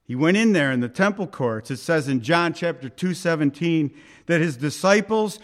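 Dramatic, high-voiced preacher man. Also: expressive, normal speed. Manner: dramatic, swings between loud urging and hushed asides, acts out quoted voices. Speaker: pastor. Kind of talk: sermon.

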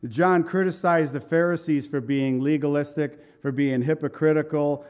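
A man's voice: fairly high pitch, fairly even intonation, moderate pace, a little mellow, dull audio. A male pastor preaching a sermon in a conversational, emphatic way, full of rhetorical questions.

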